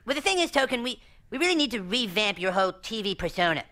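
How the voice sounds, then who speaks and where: A woman's voice: medium pitch, very animated, fast, pushed and bright. A woman voicing a condescending media coach in a cartoon, who speaks in a hesitant, patronizing way. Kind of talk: cartoon voice acting.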